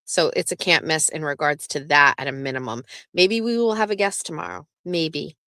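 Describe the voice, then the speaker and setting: A woman's voice: sits low, moderate pace, pushed and bright, dry recording. A woman hosting a casual live stream, chatting loosely, swearing freely and reading viewer messages aloud. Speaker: livestream host.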